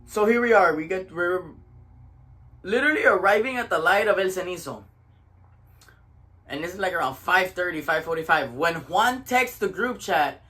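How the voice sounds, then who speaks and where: Tense, bright-voiced tired young man. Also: high voice, lively intonation, moderate pace. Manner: profane, switches between English and Spanish. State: tired from little sleep. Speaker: vlogger telling a story. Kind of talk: casual storytime rant.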